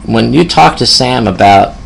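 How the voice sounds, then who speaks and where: A gravelly-voiced man voicing an elderly widow who speaks softly and sincerely. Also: medium pitch, lively intonation, normal speed, slight background noise, poor audio. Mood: grateful. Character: elderly widow, gentle and grateful.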